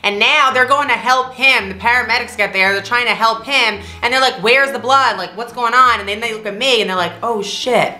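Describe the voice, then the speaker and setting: A young woman tells a story casually to her co-host, acting out the other people's voices with big jumps in pitch and laughing now and then. Her voice is bright and clear. It sounds like an echoey room with faint music behind her. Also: a little fast, hardly any pauses. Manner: laughs often mid-story. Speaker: vlog co-host.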